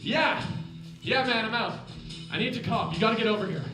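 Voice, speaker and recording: A wasted man who rambles in a high, loose half-singing voice and breaks into shouts, as a comedian plays him. The voice rings against an echoey stage. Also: lively intonation, fairly quick, over music. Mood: wasted, rambling.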